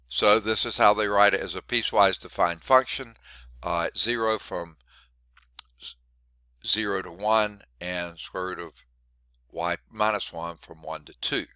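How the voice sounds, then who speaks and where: Male math instructor, congested and short of breath, bright edgy low voice, throat-clearing, wry asides. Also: no echo. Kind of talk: classroom lecture.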